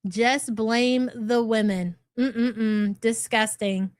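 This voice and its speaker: Woman, commentary host, high voice, exasperated, sarcastic, dry sound. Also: steady tone, very slow, no room sound. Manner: sarcastic, exasperated, reads chat aloud. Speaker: commentary YouTuber. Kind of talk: reaction commentary.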